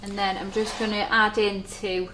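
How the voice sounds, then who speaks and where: A woman talks through a recipe step by step while she bakes, in a chatty, easy way. Her voice bounces around a roomy kitchen. Dishes and pans clatter clearly in the background. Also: medium pitch, little pitch movement, moderate pace, noisy background. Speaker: baker demonstrating recipes. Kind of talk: live cooking demonstration. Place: shop's demo kitchen.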